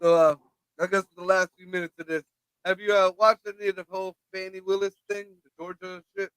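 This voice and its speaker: A man guesting on a casual podcast, crude and sweary, quick to laugh. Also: high-pitched, level tone, fairly bright tone, clear, resonant tone, no room sound, low-quality recording.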